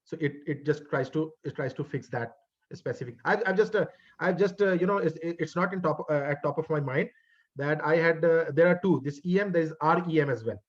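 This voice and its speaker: A college web development instructor, a man with a somewhat high voice, wraps up an online class lecture. He speaks haltingly and repeats words, but stays friendly and encouraging. His computer mic on the video call gives dull, lo-fi audio.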